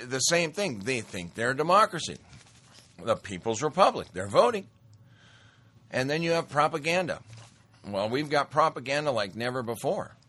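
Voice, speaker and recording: A man's voice: medium pitch, bright, forceful tone. A man giving a folksy, emphatic political commentary monologue that rambles from point to point.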